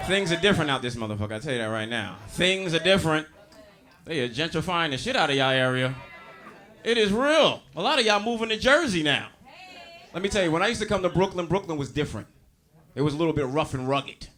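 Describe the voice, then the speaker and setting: A male stand-up comedian, working a live crowd loudly and acting out the people in his stories. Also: a little high, animated, quick pace. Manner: loud, crowd-working, acts out characters. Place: comedy stage before a live audience.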